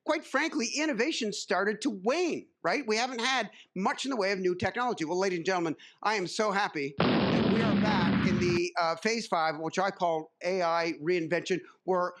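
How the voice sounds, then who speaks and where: A man is delivering a keynote on a conference stage, and his voice sits high for a man. He talks in a loose, wry way, breaking off for jokes and dotting his sentences with "uh". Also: moderate pace, fairly bright tone. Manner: wry, joking asides with frequent uh fillers. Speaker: keynote speaker.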